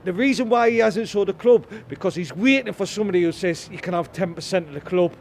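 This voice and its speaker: A man with a Sunderland accent vents his anger as a football fan in a street interview, swearing all the time and coming back to the same phrases. His voice is high and gravelly, with faint noise behind him. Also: quick pace. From Sunderland, England. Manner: angry, sweary, repeats "at the end of the day". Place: outdoors in a town centre.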